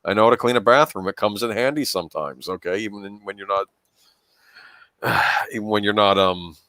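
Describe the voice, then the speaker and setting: A man's voice: on the low side, brisk, sharp tone, dry recording. A man in casual podcast chat who talks in a reassuring way, often checking in with the listener. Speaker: podcast host.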